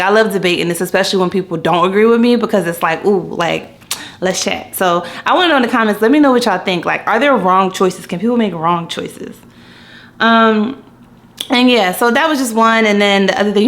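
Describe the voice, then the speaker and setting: Candid, chatty woman from Philly; casual vlog to camera, mid pitch. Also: fairly bright tone. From Philadelphia. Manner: chatty, candid, playful quoting voices. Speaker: vlogger.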